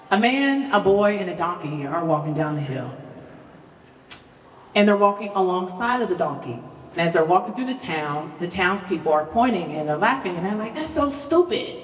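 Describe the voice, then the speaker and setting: A woman's voice: on the low side, distant mic. Woman telling a story on a live stage. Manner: lively, folksy storytelling. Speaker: guest speaker. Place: stage at a live show in a large venue. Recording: echoey hall, voice from afar.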